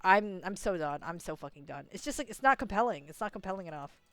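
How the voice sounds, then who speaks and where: A woman's voice: mid-range voice, animated, fast talker, no room sound. A young woman ranting casually as she plays through a story game, exasperated and full of fillers. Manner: exasperated, ranting, heavy use of "like". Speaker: gaming streamer. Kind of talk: casual game playthrough commentary.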